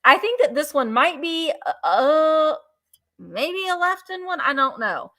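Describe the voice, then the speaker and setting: Bright, lively woman auction host. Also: sits high, measured pace. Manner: chatty, playful, counts down bids. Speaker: live sale host. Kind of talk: live auction selling chat.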